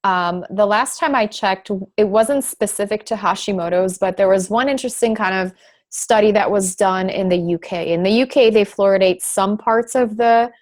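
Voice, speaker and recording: A woman's voice: mid-range voice, moderate pace. A woman pharmacist speaking as a guest in a podcast interview, explaining thoughtfully with frequent fillers and restarts. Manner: lightly sarcastic at times. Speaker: guest, thyroid specialist pharmacist.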